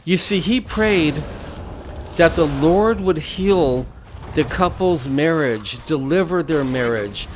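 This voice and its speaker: A man hosting a game video who preaches between moves, unhurried and repeating his phrases like a sermon. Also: on the high side, expressive, slight background noise. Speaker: gaming channel host. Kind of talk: gameplay commentary mixed with preaching.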